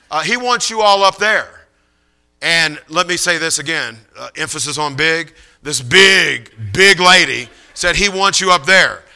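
A man preaching, spinning a personal story with animated, conversational energy. His voice is very bright and ringing, smooth and clean, sitting a touch high for a man. He restarts phrases and repeats himself as he builds the tale. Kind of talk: sermon storytelling.

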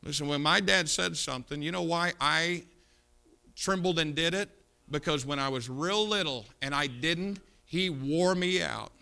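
A middle-aged male pastor, preaching a fiery sermon in a blunt, scolding way, swinging from shouts to low asides in a church auditorium. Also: a little slow, vocal fry, clean tone.

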